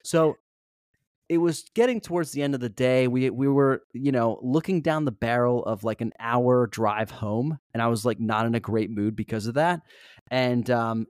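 A man chatting casually on a podcast, poking fun at himself as he tells a story. His voice sits at an ordinary pitch and is recorded close and dry, with no room echo. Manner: candid, self-mocking storytelling with fillers. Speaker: podcast co-host. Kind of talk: casual chat.

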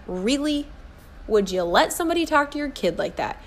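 A woman's voice: high-pitched, very animated, moderate pace. A woman in her forties, a life and fitness coach, giving an earnest motivational podcast monologue and repeating key phrases for emphasis. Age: 40s.

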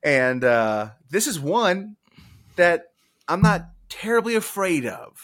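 A young man co-hosting a casual podcast, joking and laughing often as he talks. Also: sits high. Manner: joking, animated, quick laughs. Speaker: podcast co-host. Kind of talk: casual chat.

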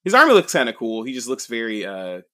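A man's voice: mid-range voice, huge pitch swings, fast talker, pushed and bright, no echo. A man co-hosting a podcast, casually retelling a manga chapter with lots of fillers and swearing. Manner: rambling, with many fillers and swearing. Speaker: podcast co-host.

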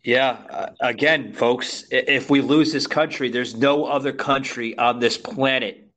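A man's voice: mid-range voice, steady tone, measured pace, fairly bright tone. A man hosting a podcast, talking emphatically and repeating himself as he speaks straight to his listeners. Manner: emphatic, repetitive, addresses listeners as folks. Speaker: podcast host. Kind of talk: casual talk show discussion.

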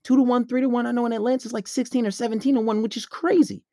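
A man's voice: extremely high pitch, fairly even intonation, quick pace, mellow, no echo, studio quality. A man hosting a podcast, giving blunt, profane dating advice in a preachy, casual rant. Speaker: podcast host.

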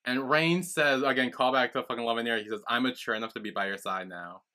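A man's voice: medium pitch, quick pace, bright, forceful tone. A man co-hosting a podcast in casual chat, recapping scenes and swearing casually. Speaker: podcast co-host.

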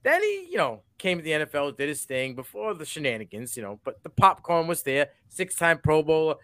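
Lively high-voiced man on a sports podcast. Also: a little fast, no echo. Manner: animated, laughs often, rambling asides. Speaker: podcast co-host. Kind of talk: casual sports chat.

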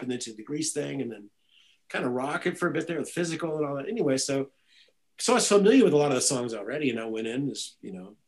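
A man's voice: medium pitch, poor audio. A man, a guitarist and music director, telling stories in a casual interview with many restarts. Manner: rambling, animated storytelling with many restarts.

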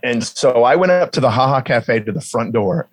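A man's voice: medium pitch, normal speed, dry recording. A man spins a casual story as a comedian, jumping into the voices of the people in it. His talk is loose and profane, and the sound is dry and close. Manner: animated, acts out dialogue, swears freely. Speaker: comedian guest.

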